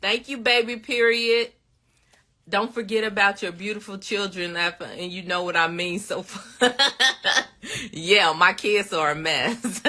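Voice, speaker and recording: Woman livestream host, chatty and giggly, slow pace, bright edge. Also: mid-range voice. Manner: chatty, greets viewers by name, laughs often. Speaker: livestream host answering viewer questions. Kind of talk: casual live chat.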